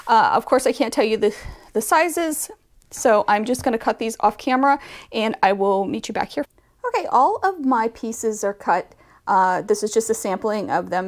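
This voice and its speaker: A woman with a slightly high, gravelly voice talks through a sewing tutorial as its host. She chats and thinks aloud as she works, poking a little fun at herself along the way. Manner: chatty and self-deprecating, thinks aloud. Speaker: quilting channel host.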